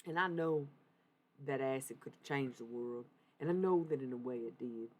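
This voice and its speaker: A woman's voice: rumbling low, moderate pace, rough recording. A woman voicing the spirit of a dead man who confesses his wrongs in a put-on Texan drawl. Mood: confessing.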